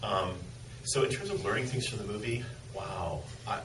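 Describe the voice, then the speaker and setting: A man's voice: on the low side, normal speed, a bit bright. A man, a film producer, reflectively telling anecdotes in an interview at a public event. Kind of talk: conversational interview answers. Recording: echoey, distant, noisy event hall.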